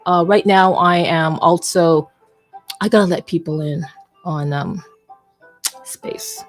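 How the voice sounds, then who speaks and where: Lady hosting a weekly community stream, kinda low voice, rambly, laughs at herself. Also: slow, faint music behind. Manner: chatty, self-deprecating, thinks aloud. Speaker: community space host. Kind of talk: casual livestream chat.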